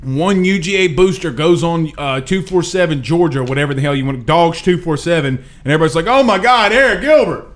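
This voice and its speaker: A man hosting a live sports talk show, reading viewer comments in an emphatic, animated, slangy way. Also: on the high side, a little fast, few pauses. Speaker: host.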